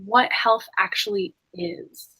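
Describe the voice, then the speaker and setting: Bright-voiced woman hosting a podcast. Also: mid-range voice, takes it slowly, breathy edge. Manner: reflective, many filler words. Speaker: podcast host. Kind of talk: conversational podcast interview.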